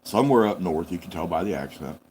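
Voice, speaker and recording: A man's voice: low voice, expressive, fast, darkish tone, a little hiss or hum, low-quality recording. A man, hosting a live farm stream and telling a rambling, folksy story that he corrects as he goes. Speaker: farm channel host.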